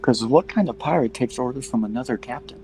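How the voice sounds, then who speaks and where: Tabletop player, male, mid-pitched, confrontational in-character talk. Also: fast talker, dark tone, poor audio. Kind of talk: in-character tabletop role-play.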